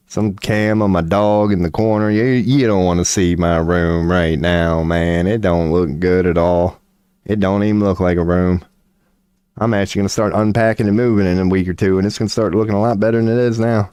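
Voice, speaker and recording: Deep and steady, his voice is fairly quick, a little mellow, and clear with a resonant tone, captured in a dry recording. The speaker is a toothless tarot-reading streamer who lisps slightly when his mouth is dry. Loose and profane, he rambles and swears to his livestream chat and laughs at himself.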